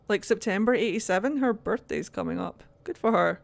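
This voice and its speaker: A woman's voice: medium pitch, a little fast, creaky, few pauses. A Glaswegian woman in her thirties, giving blunt, sweary, playful commentary while streaming a game. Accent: Glaswegian Scottish.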